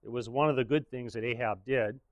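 A man's voice: medium pitch, brisk, dry recording. A man preaching in a casual, joking way, retelling a story with frequent chuckles.

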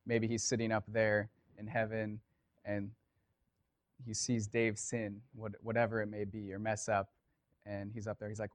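A man's voice: lowish voice, moderate pace, dry recording. A man preaching a casual sermon, talking conversationally with lots of fillers and telling a story.

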